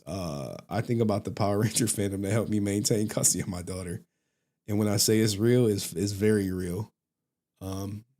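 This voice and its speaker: Low-voiced joking livestream host. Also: male voice, darkish tone. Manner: loose, profane and joking, laughs often. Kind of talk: casual livestream chat.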